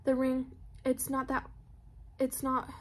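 A woman's voice: high-pitched, completely flat delivery, slow pace. A woman voicing an anxious teenage girl who talks in a shaky, stammering way.

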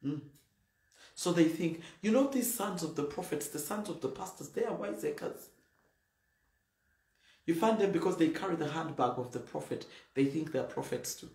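A woman's voice: low voice, lively intonation, moderate pace, mellow. A woman pastor preaching a sermon in a blunt, emphatic, plain-spoken way. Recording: roomy echo, faint noise.

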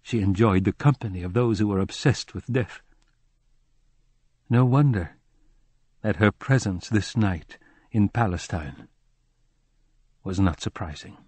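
A man narrating a literary audiobook in a measured, somber first-person reading. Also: lowish voice, a little mellow, husky, no room sound.

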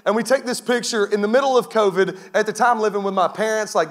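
Man in his thirties, guest pastor, high voice, energetic storytelling sermon. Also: fast.

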